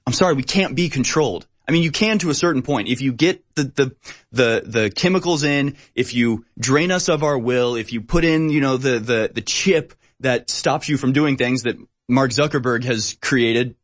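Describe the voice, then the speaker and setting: A man's voice: medium pitch, moderate pace. A man hosting a podcast, talking in a casual, emphatic way and repeating his points. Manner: emphatic, repetitive. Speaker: podcast host. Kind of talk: casual political chat.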